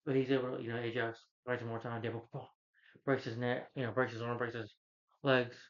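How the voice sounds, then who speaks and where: Male reviewer, middle pitch, casual rambling plot recap with chuckles, dull lo-fi sound. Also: little pitch movement, fairly quick. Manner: rambling, chuckling, restarts, acts out quotes in a higher voice. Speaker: movie reviewer. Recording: dull lo-fi recording.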